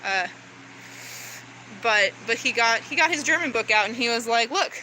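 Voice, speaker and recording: A woman's voice: on the high side, lively intonation, normal speed, bright, forceful tone, a little hiss or hum, rough recording. A woman vlogger in a rambling spiritual monologue to camera, swearing a lot and talking intensely, with many restarts and fillers.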